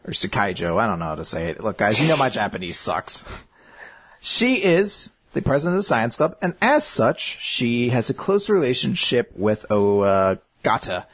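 A man's voice: mid-range voice, big pitch swings, fairly bright tone, slightly rough. Chatty, profane male podcast host. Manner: chatty, profane, retells scenes with quick character voices. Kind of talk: casual chat about manga chapters.

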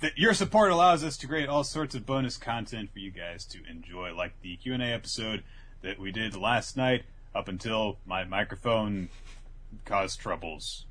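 A man's voice: fairly low pitch, moderate pace, fairly bright tone, a little hiss or hum. A man co-hosting a casual podcast, reading the outro and plugs in an easygoing way. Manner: easygoing, reads plugs with filler. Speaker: podcast co-host.

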